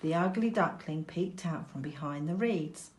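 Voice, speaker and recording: A woman teacher reading a picture book aloud to young children, slow, clear and expressive. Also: sits low.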